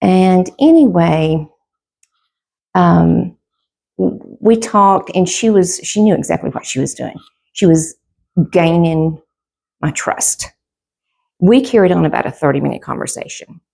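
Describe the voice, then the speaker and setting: A woman's voice: on the low side, unhurried, gravelly, long pauses, a little mellow. A middle-aged woman, casually telling a personal story to camera, rambling with lots of fillers and quoted back-and-forth.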